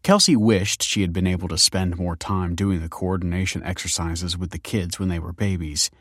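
A man narrating a story in a measured, wry manner. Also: sits low, steady tone, slightly rough, dry recording, studio quality. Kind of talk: scripted narration.

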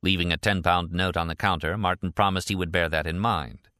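A man reading a novel aloud as an audiobook narrator, in a measured, even storytelling manner. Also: low voice, smooth, no room sound, clean studio sound.

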